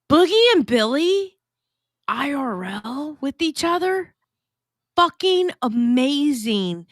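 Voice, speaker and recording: A woman's voice: fairly high pitch, sing-song, measured pace, fairly bright tone, no echo, clean studio sound. A woman hosting a casual livestream, reading chat messages aloud and chatting in a blunt, profane, gossipy way.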